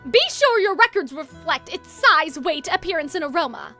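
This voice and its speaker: A woman's voice: very high-pitched, lively intonation, normal speed, pushed and bright, soft background music, voice pushed down, heavily acted. A woman voicing a prim, strict young leader. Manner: formal, proper, officious. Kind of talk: voicing game dialogue aloud.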